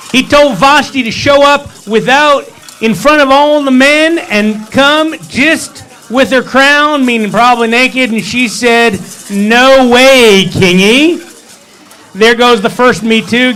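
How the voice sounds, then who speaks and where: A man's voice: very high-pitched, pushed and bright, rough recording. A man leading a congregation, retelling a scripture story in a playful, joking way full of wry asides. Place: synagogue hall.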